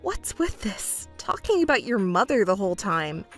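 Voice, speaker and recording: A woman's voice: mid-range voice, sing-song, normal speed, faint music behind, pitched below the performer's own voice, close to an everyday voice. Woman voicing a pleading, defensive young fiancée. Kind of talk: texting story voice acting.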